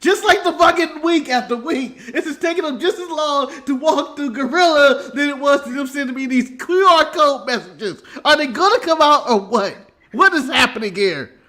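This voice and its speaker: An American man co-hosts a casual podcast, telling animated stories and laughing often. His voice sits high and has a bright, forceful edge. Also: normal speed. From United States. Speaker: podcast co-host. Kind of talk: casual wrestling recap chat.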